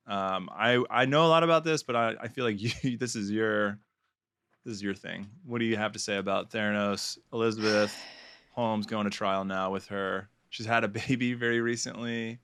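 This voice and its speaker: A man's voice: on the low side, fairly even intonation, normal speed, fairly bright tone, clear, resonant tone, dry recording. A man co-hosting a casual podcast chat, joking and sarcastic, laughing often. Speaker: podcast co-host.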